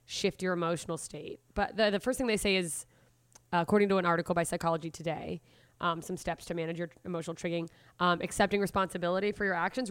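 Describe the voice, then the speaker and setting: A woman's voice: mid-range voice, smooth, dry recording, clean studio sound. A woman talking casually about handling emotional triggers, rambling and correcting herself with lots of fillers.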